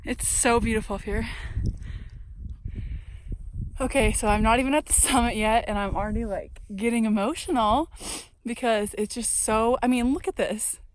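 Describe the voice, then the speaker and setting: A woman's voice: fairly high pitch, brisk, poor audio. A young woman vlogging while hiking a snowy mountain trail, talking earnestly and chattily with many fillers, into a handheld camera outdoors. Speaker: long-distance hiker vlogging. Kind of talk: casual vlog narration.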